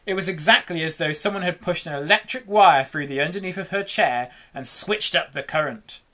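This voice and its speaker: A woman reading a children's book aloud in an animated, dramatic way. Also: on the low side, fairly quick. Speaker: storyteller.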